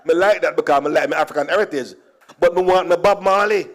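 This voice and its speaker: Jamaican man, higher-pitched, playful conference speaker who slips into Creole and acts out dialogue. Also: fast talker. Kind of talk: humorous storytelling speech. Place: conference hall.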